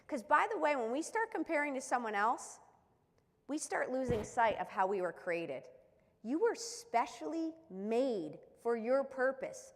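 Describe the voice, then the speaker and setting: A woman's voice: high voice, very animated, measured pace, in a large hall. A woman who works as a mental skills coach, giving an emphatic motivational talk full of rhetorical questions. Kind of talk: motivational live-stream talk.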